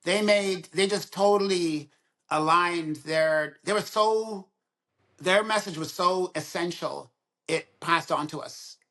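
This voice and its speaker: Bright-voiced dentist, animated storyteller. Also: male voice, high voice, slow. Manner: animated storyteller who acts out both sides of quoted dialogue. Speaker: dentist, podcast guest. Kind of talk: casual podcast conversation, storytelling.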